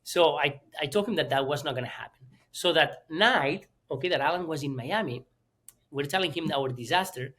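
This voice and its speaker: Guy, kinda high and husky, telling his story all animated, lots of likes and restarts. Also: normal speed. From Spain. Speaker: entrepreneur guest. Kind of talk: storytelling in an interview.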